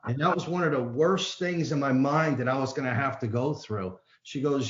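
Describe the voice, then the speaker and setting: A man's voice: medium pitch, normal speed, hardly any pauses. A man, an AA speaker, reading aloud and then telling a personal story in a plain, earnest way with frequent restarts. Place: meeting room. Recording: dull, roomy meeting-hall sound.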